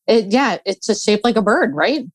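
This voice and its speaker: Animated woman co-host, dry call audio, casual banter. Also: fairly high pitch, normal speed, no echo. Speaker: podcast co-host. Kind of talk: casual chat.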